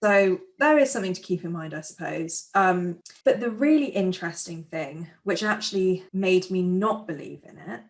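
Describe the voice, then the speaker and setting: A woman co-hosting a podcast in casual chat, retelling scenes with lively quoted voices. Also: on the low side, normal speed, few pauses. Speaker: podcast co-host.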